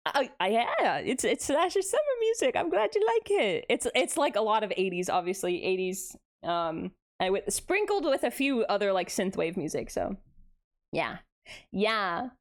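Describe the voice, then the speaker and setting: A woman's voice: mid-range voice, sing-song, normal speed. A young adult woman streaming casually, greeting chat with gasps and laughs. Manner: bubbly, gasping greetings to chat, frequent laughs. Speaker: VTuber streamer.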